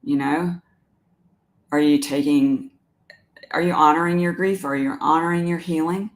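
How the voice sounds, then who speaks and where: A woman hosting a live stream as an animal communicator. She talks gently and emotionally about pet loss and answers viewer comments, often pausing and restarting her sentences. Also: sits low, steady tone. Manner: warm, emotional, halting with many restarts.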